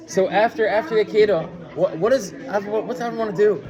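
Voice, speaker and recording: High-voiced man lecturing a class. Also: fast, dull audio, a crowd in the background. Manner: conversational, full of fillers and restarts, asks the listeners questions. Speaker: rabbi teaching a class. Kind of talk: informal Torah lecture with storytelling.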